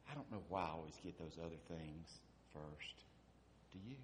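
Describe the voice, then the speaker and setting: A man's voice: very deep voice, expressive, moderate pace, a little hiss or hum. A man preaching a sermon, asking repeated rhetorical questions and building to emphatic peaks.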